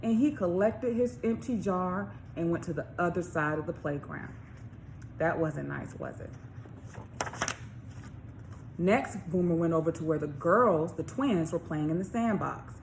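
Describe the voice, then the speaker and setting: A woman author reading her children's story aloud, expressive, with questions to young listeners. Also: fairly low pitch, unhurried, creaky, noisy background. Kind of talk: storybook read-along for children.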